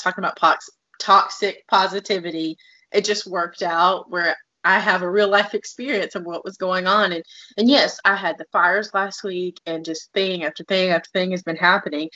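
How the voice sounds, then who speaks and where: A woman's voice: mid-range voice, dull audio. A woman in her thirties co-hosting a podcast, speaking earnestly and emphatically. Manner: earnest, emphatic, animated quoting. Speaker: podcast co-host. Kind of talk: casual podcast conversation.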